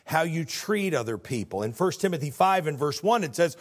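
A man preaching a sermon, earnest and animated, asking the congregation questions. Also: fairly high pitch, fairly quick.

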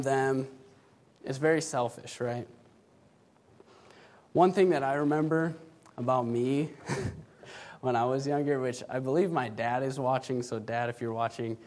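A man's voice: medium pitch, darkish tone. A young man giving a sermon in a church, telling stories and laughing often between phrases. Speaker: youth speaker. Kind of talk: sermon with storytelling.

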